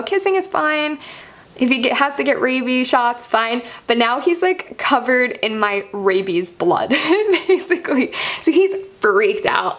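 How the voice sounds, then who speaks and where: Chatty young woman, higher pitch. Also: fairly bright tone. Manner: chatty, heavy use of "like", frequent laughs. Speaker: vlogger. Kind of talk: casual storytelling.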